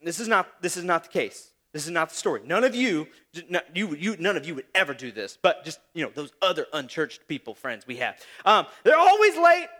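A pastor giving a lively sermon, telling everyday stories with mocking asides. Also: male voice, on the high side, fairly quick, few pauses. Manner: animated storytelling with mocking asides.

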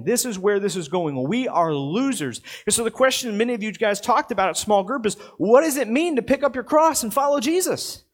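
Guy preaching a sermon, pitch jumps all over, asks the crowd questions, says lines over and over. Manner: animated preaching with rhetorical questions and repeated phrases. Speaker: pastor.

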